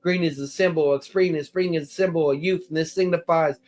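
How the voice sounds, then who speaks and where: This Bible teacher's voice is a little high yet darkish in tone, with fairly even intonation and a slightly fast pace. Explaining scripture in a lecture, he cites verses and paragraphs and occasionally restarts a word.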